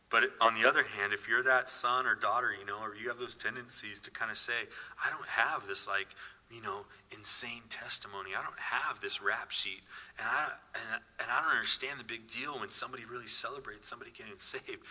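Bright-voiced male pastor preaching in a hall. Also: mid-range voice, fairly quick, slightly rough. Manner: earnest, conversational preaching with restarts and emphatic repetition. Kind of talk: sermon. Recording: reverberant hall.

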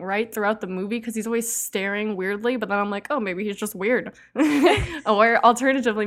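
Thoughtful, hesitant woman chatting. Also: medium pitch. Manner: thoughtful, hesitant, giggles, trails off. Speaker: podcast co-host. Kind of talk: casual chat about a film.

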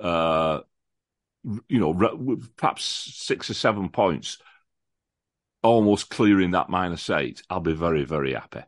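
A man's voice: mid-range voice, expressive, normal speed, no room sound, clean studio sound. A man talking as a podcast guest, giving a chatty, enthusiastic football preview with many restarts and repeated words. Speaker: podcast guest, lifelong fan of the visiting football club. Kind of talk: casual chat, football preview.

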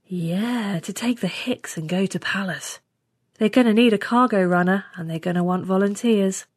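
A woman voicing a brash, tough woman space freighter pilot who talks loud and crude. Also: medium pitch, moderate pace, no echo, studio quality, natural voice. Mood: swaggering.

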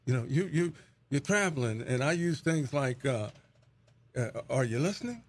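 A man's voice: mid-range voice, unhurried. A middle-aged man, a pastor, giving an earnest, reflective testimony as an interview guest and often repeating words as he searches for them.

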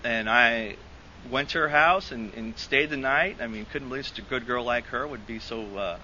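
Recovery meeting speaker: a man with a bright voice, rambling and laughing, recorded on dull lo-fi tape. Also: mid-range voice, normal speed, a little hiss or hum. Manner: rambling storytelling with frequent restarts and laughter. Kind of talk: personal testimony to a group. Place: meeting hall.

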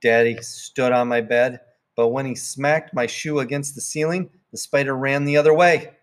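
A man's voice: medium pitch, moderate pace, clear, resonant tone. Man reading a storybook aloud. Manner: plain, even read-aloud telling. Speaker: narrator.

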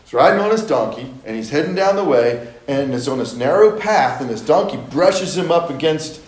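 A man's voice: a little high, animated, moderate pace, reverberant, low-quality recording. A man teaching a Bible study, retelling scripture stories casually and acting out the characters with playful asides.

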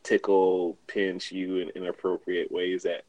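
A man tells a story in a loose podcast chat. He is animated, laughs often and jumps up in pitch to act out what he said at the time. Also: measured pace, dry recording, rough recording. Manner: animated, laughing, acts out his own quotes in higher voices.

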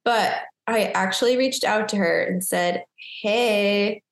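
A woman's voice: medium pitch, moderate pace, gravelly. A young woman, a wedding photographer from Massachusetts, telling stories in casual podcast chat over a video call, giggly and self-deprecating. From Maynard, Massachusetts. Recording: roomy echo.

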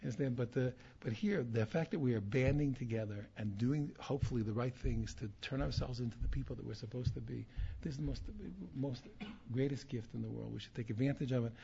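A man speaking as a rabbi to his students gives an informal talk that includes a story, rambling, repeating himself, and mixing in Hebrew terms. His medium-pitched voice is creaky and warm, and fairly quick. The recording sounds dull and lo-fi, with faint room noise.

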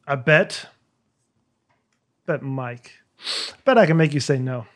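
A man's voice: mid-range voice, expressive, takes it slowly, a bit bright. A man co-hosting a casual chat, joking and telling a playful story. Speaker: podcast co-host.

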